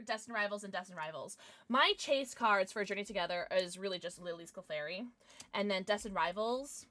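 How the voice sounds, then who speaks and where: Streaming a casual chat, a young adult woman with a slightly high, somewhat bright voice talks with viewers in a bubbly way. She gasps and squeals as she reacts.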